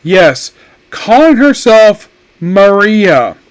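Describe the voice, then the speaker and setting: A man's voice: high-pitched, extremely slow, smooth, no echo. A man casually reviewing an anime episode, rambling and often correcting himself mid-sentence. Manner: rambling, self-correcting, animated.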